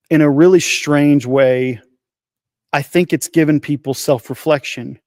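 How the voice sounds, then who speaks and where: A faith podcast co-host with a warm, slightly high voice recounts a personal story, earnest and emotional, frequently restarting, repeating himself, and filling gaps. The sound is clean studio audio without any room sound.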